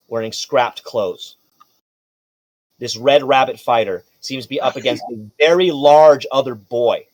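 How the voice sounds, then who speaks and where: A man narrates a tabletop game as game master, telling the story in a casual, vivid way. His voice sits at a middle pitch and sounds close and dry. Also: no echo.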